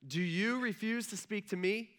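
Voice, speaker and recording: A man's voice: high voice, animated, a little fast, pushed and bright. A man voicing an exasperated Roman governor who presses questions in disbelief.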